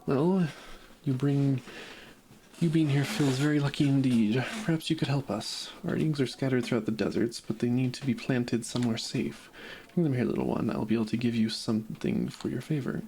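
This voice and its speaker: A man reading the lines of a gentle, cooing, motherly female creature queen in a game. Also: medium pitch, fairly even intonation, normal speed, a little hiss or hum, lightly acted.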